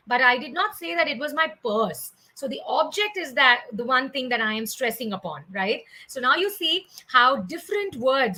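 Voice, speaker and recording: A woman's voice: high-pitched, pushed and bright, poor audio. A woman with an Indian English accent teaching comedy in a live online class, explaining step by step and often checking in with "right?". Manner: explanatory, frequent "right?" tag questions and "uh" fillers.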